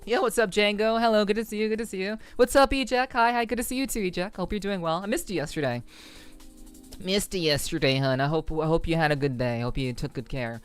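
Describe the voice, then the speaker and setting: A woman's voice: mid-range voice, quick pace, smooth, faint music behind. A woman from the United States, a VTuber streamer, chatting casually with her live viewers, greeting them by name and rambling through loose tangents.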